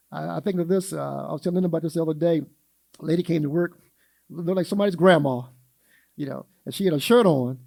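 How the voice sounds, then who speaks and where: High-voiced man teaching Sunday school. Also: dark tone, dry recording. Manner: folksy, asks the class questions and acts out quotes. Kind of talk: church Sunday school lesson.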